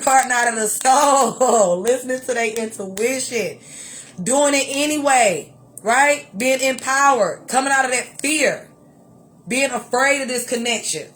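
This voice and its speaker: Giving a tarot reading to her viewers, a woman with a high voice sounds animated and exclamatory. She repeats phrases for emphasis and calls her listeners honey.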